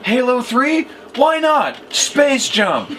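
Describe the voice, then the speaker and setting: A man putting on the voice of a loud, relentlessly upbeat middle-aged TV pitchman, with punchy sales delivery. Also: very animated, slow, background noise, exaggerated voice. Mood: hyped.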